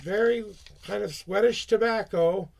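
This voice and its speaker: A man's voice: high-pitched, a little slow, vocal fry. A man reading tarot on a live stream, chatty, rambling and upbeat as he talks to his viewers.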